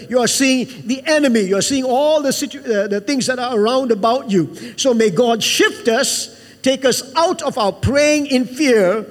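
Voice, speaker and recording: A man's voice: very high voice, long reverb tail. A man preaching a sermon to a church, emphatic and repetitive, calling out to the congregation for an amen. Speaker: pastor.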